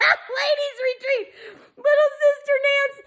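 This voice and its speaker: Middle-aged pastor's wife, high bright voice, animated casual storytelling, often laughing at herself. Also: female voice, measured pace. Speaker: pastor's wife leading a women's Bible study.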